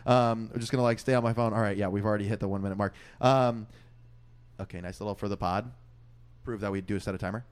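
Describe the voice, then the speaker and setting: Fast-talking young man telling a story. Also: clear, resonant tone. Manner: animated, acts out quoted voices with big pitch jumps. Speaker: podcast co-host. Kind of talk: casual storytelling chat.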